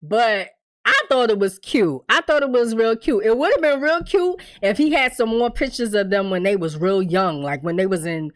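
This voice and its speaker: A woman casually recapping a TV episode, profane and laughing often, acting out characters' lines in quick impressions. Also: on the high side, lively intonation. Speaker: TV recap host.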